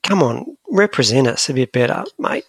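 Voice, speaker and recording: A man's voice: mid-range voice, expressive, normal speed, husky, no echo. A Scottish man co-hosting a podcast, chatting casually in a rambling, joking and self-deprecating way. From Scotland. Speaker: podcast co-host. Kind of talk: casual chat.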